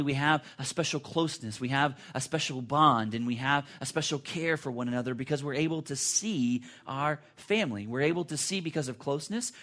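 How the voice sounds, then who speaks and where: A man's voice: mid-range voice, fairly bright tone. A man preaching a sermon in an earnest, conversational way, with repetitions and restarts. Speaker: pastor.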